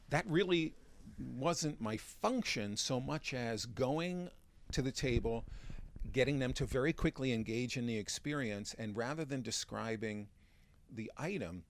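A man, a magician and stand-up comic, talking in a relaxed interview, restarting sentences as he thinks. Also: mid-range voice, slight background noise. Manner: chatty, with frequent restarts and fillers. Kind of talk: interview conversation.

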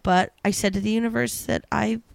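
A woman co-hosting a podcast, talking in a rambling, animated way and swearing freely. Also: medium pitch, brisk, creaky, no room sound. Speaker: podcast co-host. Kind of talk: casual podcast banter.

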